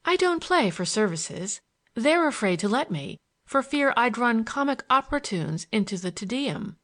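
A teasing young woman chatters at a quick, breathless clip, mocking and light, as a woman reader voices her. Her voice leaps high and swings widely from phrase to phrase. It is an audiobook character with a lively lilt.

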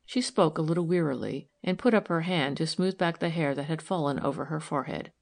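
A woman narrating a novel aloud in a calm, even storytelling manner. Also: low-pitched, brisk, creaky, hardly any pauses. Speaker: audiobook narrator.

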